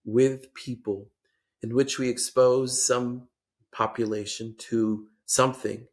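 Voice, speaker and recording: An older man speaking as a policy expert guest in a podcast interview, measured and hesitant with frequent restarts. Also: medium pitch, flat delivery.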